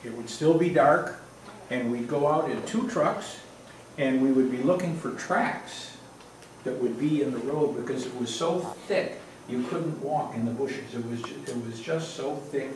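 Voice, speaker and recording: A man's voice: mid-range voice, a little slow, a little mellow. A man casually telling a personal anecdote in a plain, repetitive way that builds suspense. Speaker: storyteller. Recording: very echoey room, distant mic, faint noise.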